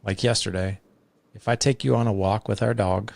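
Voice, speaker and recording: A man with a low, gravelly voice speaks as a podcast guest. He is a father who explains things earnestly through everyday examples and leans on casual fillers. The sound is close and dry, with no room around it. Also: fairly even intonation, moderate pace, a little mellow, no room sound.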